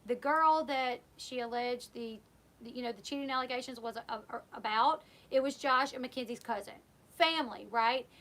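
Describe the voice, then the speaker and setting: Talking straight into a close mic at normal speed, a woman with a high, bright voice recaps a reality show. She gossips casually, offers her opinions and acts out the quotes as she goes.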